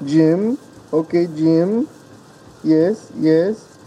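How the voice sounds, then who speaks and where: A man's voice: on the high side, extremely slow, dark tone, muffled recording, a little hiss or hum. A man doing a pushy woman with a fake French accent in man-on-the-street pranks, repeating "yes, yes" and threatening to call police.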